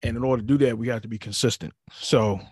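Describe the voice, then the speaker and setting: A man's voice: medium pitch, fairly even intonation, fast talker, darkish tone, slightly rough, no room sound. A young adult man hosting a podcast, chatting loosely and rambling with many fillers on a close mic. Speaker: podcast host. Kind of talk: casual chat.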